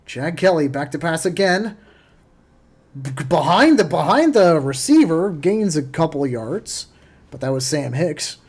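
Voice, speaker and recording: Excitable man live-commenting a football game. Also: a little high. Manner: excitable fan, swings from muttering to cheering. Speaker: livestream watchalong host. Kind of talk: casual live sports commentary.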